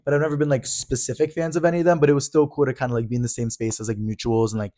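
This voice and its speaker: Young man, podcast co-host, casual chat, very fast, filler-heavy, playful. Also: mid-range voice, level tone, warm tone. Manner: fast, chatty, filler-heavy, mock-dramatic. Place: Los Angeles.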